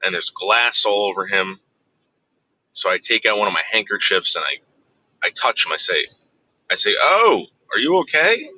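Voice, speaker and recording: Deep-voiced man telling rambling stories. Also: moderate pace, pauses often, bright, forceful tone. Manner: profane, rambling, self-interrupting. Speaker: storyteller. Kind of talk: casual anecdote. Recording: dull lo-fi dry recording.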